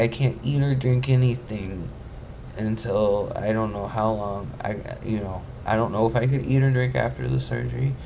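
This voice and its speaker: A man's voice: fairly low pitch, mellow, slight background noise. A young man telling a personal story in a casual vlog, rambling and emotional, with many fillers and restarts. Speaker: vlogger.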